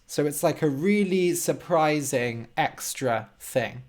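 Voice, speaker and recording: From a home room, a man with a medium-pitched, slightly mellow voice teaches English on a live stream. He explains words patiently in slow, simple, encouraging terms, checking in often with "okay?"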